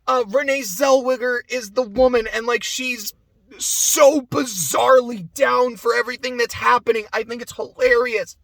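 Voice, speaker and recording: A man with a notably high voice talks through a movie review off the cuff, rambling and excitable, swearing freely and laughing between thoughts. The recording is dry and close, with no room sound. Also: moderate pace, creaky, no echo.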